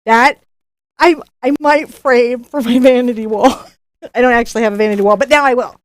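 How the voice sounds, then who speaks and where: A professional artist who hosts on YouTube runs a live unboxing, chatting in a bubbly, gushing way with quick bursts of excitement. Her voice is on the high side, with no room sound.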